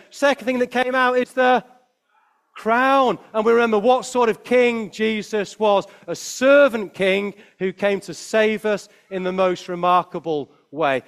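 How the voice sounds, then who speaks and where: At a Christmas service, a high-voiced man delivers an energetic talk for children, pausing to ask them questions throughout his sermon.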